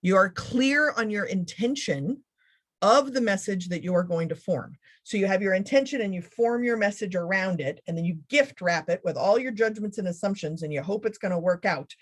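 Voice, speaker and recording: A woman's voice: medium pitch, moderate pace. Sarcastic, funny woman giving a keynote. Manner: sarcastic, funny, animated delivery. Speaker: keynote speaker. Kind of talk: motivational keynote talk.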